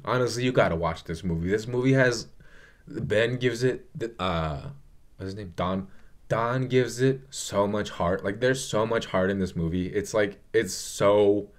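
A young man chatting casually about a movie he loves, rambling and gushing, with lots of swearing and fillers. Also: on the low side. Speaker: vlogger reviewing a movie. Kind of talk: casual movie review chat.

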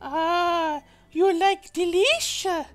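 A man voicing a cheery middle-aged woman shopkeeper, high-pitched and exclamatory. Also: extremely slow, fairly bright tone, soft background music, exaggerated voice. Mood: delighted. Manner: squealing, exclamatory.

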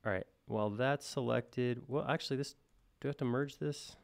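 A man teaching software on a live stream, thinking aloud in a casual, self-deprecating way as he works. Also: mid-range voice, moderate pace, creaky. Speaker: software instructor. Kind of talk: live-stream modeling tutorial.

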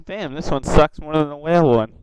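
A man's voice: a little high, a little mellow, clear, resonant tone, dry recording, poor audio. A man who makes online videos, giving casual commentary on video chats and reacting to viewers with exclamations and asides. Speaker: YouTuber.

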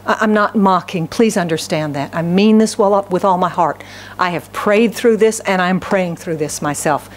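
A woman pastor preaching a sermon in a church. She swings between raised, fervent declarations and hushed, near-whispered pleading, and keeps putting questions to the congregation. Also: lowish voice, normal speed, slight background noise. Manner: asks the congregation rhetorical questions. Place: church sanctuary.

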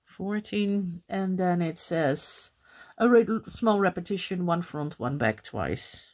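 A woman's voice: lowish voice, expressive, takes it slowly, darkish tone. A Dutch woman with a Dutch accent teaching crochet in a casual tutorial, chatting and counting stitches under her breath. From Netherlands.

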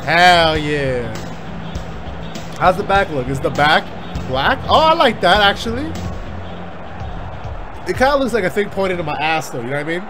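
Male gamer, fairly high voice, cursing and hyped, game music underneath. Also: normal speed, pauses often. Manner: excitable, profane, yelling at the game. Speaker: gaming YouTuber. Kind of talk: let's-play commentary.

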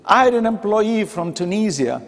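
A man's voice: sits high, big pitch swings, moderate pace. A man giving a conversational sermon in a mosque, acting out the quoted dialogue as he goes. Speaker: preacher. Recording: reverberant mosque hall.

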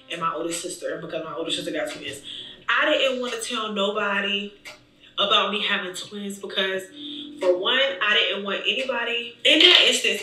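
A young woman vlogger telling a storytime, animatedly acting out what people said to her. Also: medium pitch. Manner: animated retelling, acting out quoted dialogue. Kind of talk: storytime vlog. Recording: echoey room, voice distant from mic.

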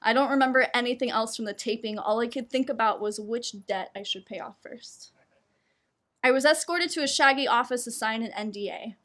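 A woman's voice: on the high side, fairly quick. Laughing young woman telling a story. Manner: laughs often between lines, lively and self-mocking. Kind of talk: personal storytelling performance.

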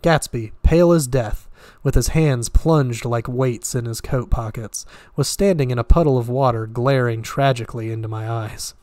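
Man, amateur audiobook reader, steady narration, occasional stumbles, mid pitch, dry close mic. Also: dry recording. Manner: steady reading with frequent stumbles and restarts. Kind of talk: amateur novel reading.

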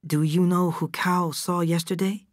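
A reader voicing a quiet, patient companion. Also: mid-range voice, level tone, measured pace, no echo, clean studio sound, voice pushed up, natural voice. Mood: calm. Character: patient loyal household companion, quiet and calm. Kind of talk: audiobook reading.

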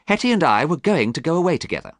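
An anxious young gentleman who wants to be good , put on by a man narrating a storybook. He speaks in a raised, pleading voice with wide pitch swings. The sound is dry and close. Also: big pitch swings, racing, no room sound. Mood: earnest. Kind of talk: storybook character reading.

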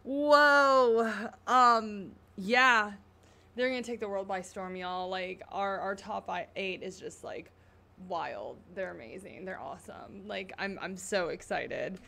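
A woman's voice: on the low side, normal speed, vocal fry. A young woman chatting casually as she reacts to a show, gushing and bubbly, full of "like" and "y'all".

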